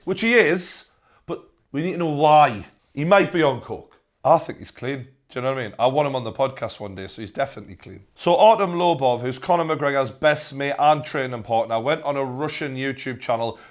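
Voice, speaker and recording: A young man with a Geordie accent, hosting a comedic news rant with sarcastic, deadpan repeated punchlines. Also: medium pitch. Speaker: host.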